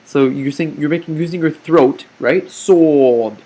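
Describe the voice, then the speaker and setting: A man teaching a recorded lesson over slides, patient and slow, often checking in with "okay?". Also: a little high, steady tone, darkish tone, breathy edge. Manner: patient, explains slowly, frequent "okay?" check-ins.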